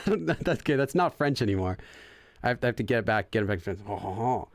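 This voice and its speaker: A man's voice: lowish voice, animated, quick pace, vocal fry, no room sound. Chatty young man with a dry sound. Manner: chatty and self-deprecating, laughs often, translates game text on the fly. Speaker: gaming channel host. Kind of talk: casual let's-play commentary.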